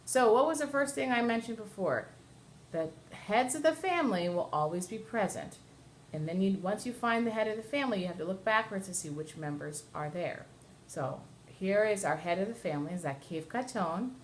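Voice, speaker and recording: Woman cantor, patient class teacher, mid pitch, faint hiss behind. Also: animated, moderate pace. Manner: patient, explanatory, step-by-step, breaks into chant. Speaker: cantor teaching Torah chanting. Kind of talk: classroom lesson with sung examples.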